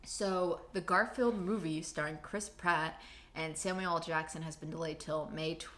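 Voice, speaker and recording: A woman co-hosting a podcast, sharing news in quick, opinionated casual banter. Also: low voice, steady tone, a bit bright. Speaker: podcast co-host. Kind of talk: casual chat.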